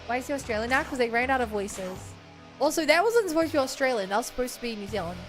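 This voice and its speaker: Woman, streamer, casual gameplay commentary, playful and joking, slightly high voice. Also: lively intonation, fast talker, soft background music. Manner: playful, joking, laughs often.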